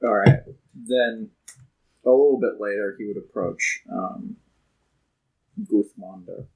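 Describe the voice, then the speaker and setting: A man playing in a tabletop game, describing what his character does in a laid-back, deadpan way. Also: on the low side, slow, poor audio. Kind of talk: casual game chat, in-character play.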